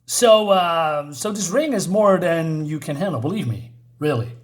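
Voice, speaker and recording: A man's voice: a little high, lively intonation, unhurried. A man reading an eager young hero from a comic book. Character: young man, a freelance artist turned fledgling hero, eager and boastful.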